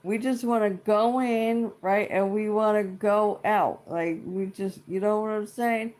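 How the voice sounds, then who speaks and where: A middle-aged speaker venting in a casual vlog rant, blunt and exasperated, with constant swearing and lots of repetition. The delivery is slow and drawn out, and the pitch sits in a middle range. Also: fairly even intonation, darkish tone. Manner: blunt and exasperated, heavy swearing, repeats itself. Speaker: vlogger. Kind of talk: casual profane rant to camera.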